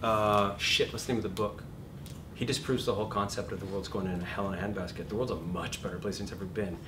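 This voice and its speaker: Animated swearing acting teacher, distant mic. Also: male voice, quick pace. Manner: animated, profane, acts out shouted examples. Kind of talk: lively lecture to a class. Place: classroom or studio. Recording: distant room recording with background rumble.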